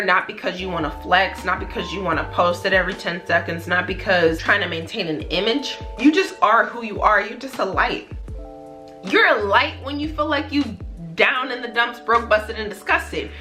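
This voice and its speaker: A woman vlogger with a bright, forceful, medium-pitched voice gives her viewers a heartfelt motivational talk to camera. She is earnest and emphatic, repeating phrases for emphasis.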